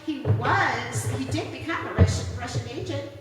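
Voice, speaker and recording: A woman's voice: sits high, normal speed, loud music behind the voice. A woman who reads tarot cards, giving ranting commentary and scolding her listeners with rhetorical questions. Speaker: tarot reader. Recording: echoey room, far from mic, noisy.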